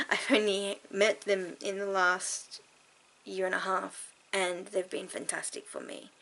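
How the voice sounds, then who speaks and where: A tearful woman talking frankly and earnestly to camera in a personal vlog, halting and sighing. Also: medium pitch, little pitch movement, gravelly, pushed and bright. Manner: earnest and heartfelt, halting with sighs. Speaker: vlogger.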